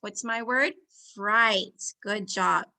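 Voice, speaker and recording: A woman teacher, slowly leading young children through a phonics lesson, sounding out words and giving warm encouragement. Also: mid-range voice.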